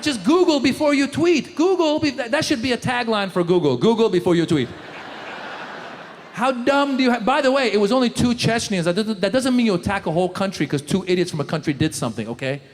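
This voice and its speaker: A man performing a stand-up comedy routine in a punchy, animated way, in a live show. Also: sits high, fairly quick, slight background noise. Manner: punchy, animated, acts out characters in funny voices. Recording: live show in a large hall with audience.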